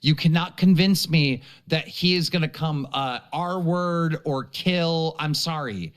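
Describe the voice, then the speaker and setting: A man's voice: on the high side, a little slow. A man hosting a livestream, insisting on his point while repeatedly apologizing. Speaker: livestream host. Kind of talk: livestream commentary.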